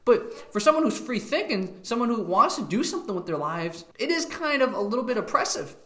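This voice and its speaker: A man giving excitable, animated reaction commentary on a video clip. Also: very high-pitched, a little fast.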